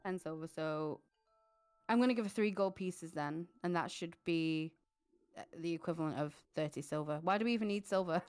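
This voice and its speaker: A woman's voice: fairly low pitch, darkish tone, clean tone, soft background music. Chatty woman player. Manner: quick, chatty, asks lots of questions. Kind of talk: casual tabletop game chat.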